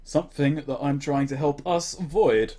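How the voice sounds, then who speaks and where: A man's voice: fairly high pitch, moderate pace, background noise. A man playing a tabletop game, talking brashly and defiantly in character. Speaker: player.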